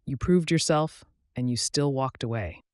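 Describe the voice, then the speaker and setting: A man reading the lines of a young woman in love, soft and trembling with emotion in an audiobook. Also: mid-range voice, normal speed, smooth, no room sound, clean studio sound, natural voice. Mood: tender.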